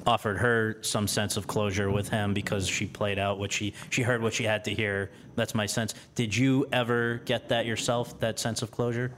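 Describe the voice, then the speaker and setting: A man's voice: fairly low pitch, little pitch movement, normal speed, hardly any pauses, fairly bright tone, a little hiss or hum. A man hosting an interview, asking engaged, supportive questions with long lead-ins. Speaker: interview host. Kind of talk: conversational interview.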